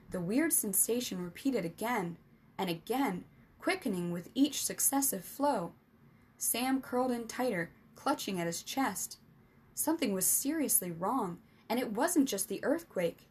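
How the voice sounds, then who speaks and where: A woman narrating an adventure storybook aloud, lively and expressive in her delivery. Her voice sits at a middle pitch, soft and breathy.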